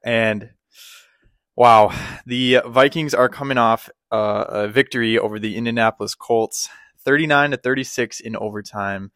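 A man co-hosting a casual sports podcast, talking excitedly with lots of fillers and restarts. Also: medium pitch, moderate pace, dry recording. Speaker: podcast co-host.

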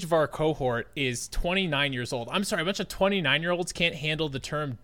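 A man in his late twenties telling a story in casual chat, animated and profane, with lots of "like" fillers. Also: on the high side, a little fast, few pauses.

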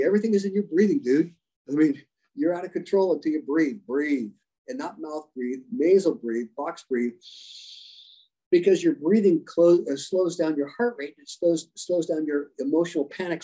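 A man with a husky, slightly raised voice tells stories as a podcast guest. His tone is mellow and warm rather than bright. He is animated and slips into the voices of the people he quotes. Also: a little high, poor audio. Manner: animated, acts out quoted dialogue. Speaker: guest, leadership coach and former special operations rescuer. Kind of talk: storytelling interview answers. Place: podcast conversation.

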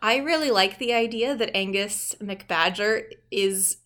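A woman's voice: medium pitch, unhurried, fairly bright tone. A woman co-hosting a podcast, chatting casually and animatedly and laughing often. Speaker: podcast co-host. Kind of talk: casual chat.

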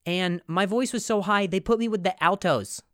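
A man's voice: high voice, normal speed, fairly bright tone, no room sound. Sarcastic ranting young man, dry sound. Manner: rambling, profane, sarcastic ranting. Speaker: podcast host. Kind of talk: comedic podcast monologue.

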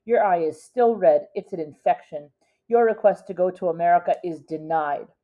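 A woman's voice: fairly low pitch, normal speed, natural voice. A woman reading the part of a burly, bearded port officer who barks curt orders, on a dull lo-fi recording. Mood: gruff.

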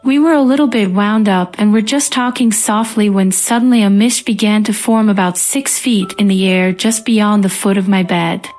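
Calm woman narrating a ghost story. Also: medium pitch, moderate pace, few pauses, soft background music. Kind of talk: first-person scripted narration.

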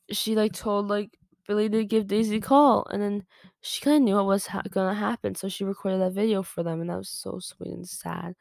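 A woman's voice: medium pitch, no room sound. A young woman hosting a solo podcast, gushing emotionally with many fillers as she talks. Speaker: podcast host. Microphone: home microphone.

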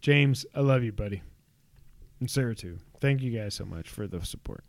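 A man co-hosting a casual gaming podcast, joking around and laughing often, talking in quick bursts. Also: medium pitch, animated, creaky, dry recording. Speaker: podcast co-host.

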